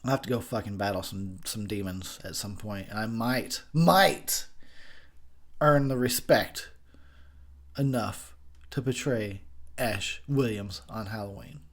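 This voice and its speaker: A man who is tipsy from drinking hosts a movie commentary full of profanity, meandering talk, and lots of his own laughter. His voice is fairly low and his pace unhurried.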